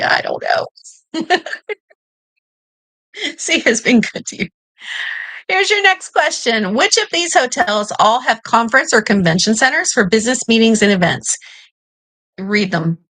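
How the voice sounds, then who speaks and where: A woman's voice: fairly high pitch, fairly bright tone, dry recording, rough recording. Woman, Kentucky accent, trivia host, teasing, laughs often, dry sound. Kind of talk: live-stream trivia hosting.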